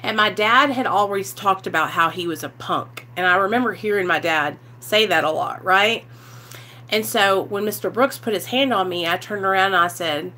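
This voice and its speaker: A woman, candidly telling her life story to the camera, animated and swearing freely, acting out what people said. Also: mid-range voice, moderate pace. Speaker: vlogger sharing recovery story.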